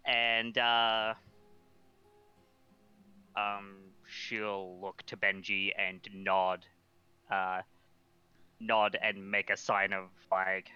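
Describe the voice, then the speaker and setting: A man describing his character in halting, filler-filled casual play, on a muffled lo-fi mic. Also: lowish voice, level tone, sharp tone, clear, resonant tone, no echo. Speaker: player.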